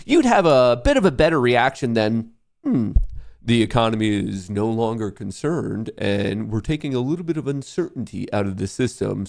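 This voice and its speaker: A young man hosting a live market stream, ranting in a loud, profane and sarcastic way. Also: mid-range voice. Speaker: livestream host. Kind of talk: live market commentary rant.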